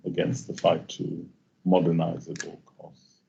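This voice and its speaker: A man giving a halting academic seminar talk, full of fillers and restarts, over muffled online call audio. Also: low voice, monotone, gravelly, mellow, a little hiss or hum. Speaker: invited speaker.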